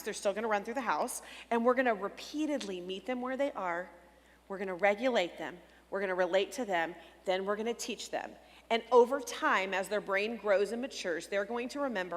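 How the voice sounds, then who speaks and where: Woman teaching in a reverberant hall. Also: fairly high pitch. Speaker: conference speaker. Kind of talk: teaching a church breakout session. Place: large church hall.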